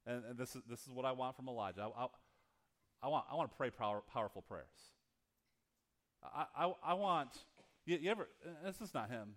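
A man preaching a sermon as pastor, earnest and halting, often restarting his sentences. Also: medium pitch, lively intonation, a bit bright.

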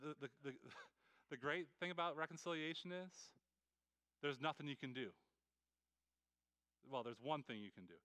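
A man preaching a sermon as a pastor, earnest and pleading, with many quick restarts and repeated words. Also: on the high side, bright, forceful tone, smooth, no echo.

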